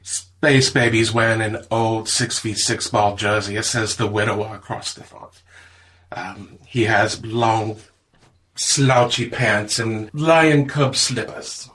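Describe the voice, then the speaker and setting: A man playing a tabletop game, describing his character's moves. His voice is bright and forward, his manner easygoing. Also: lowish voice, fairly even intonation, slow pace. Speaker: player.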